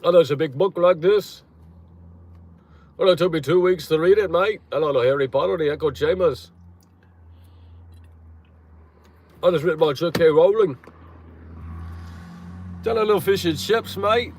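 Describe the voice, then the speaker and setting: A loud, cheery mock British bloke, put on by a man, sing-song and raised high above his usual voice, tacking a chummy greeting onto everything. The delivery is bouncy and overdone, a clear joke voice. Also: moderate pace, long pauses.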